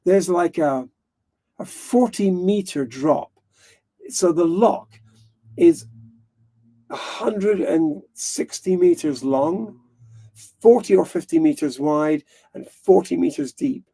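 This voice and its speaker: A man's voice: high voice, animated, takes it slowly, vocal fry, pauses often, warm tone. A man hosting a live stream, chatting casually in a rambling way, often correcting himself and laughing. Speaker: livestream host.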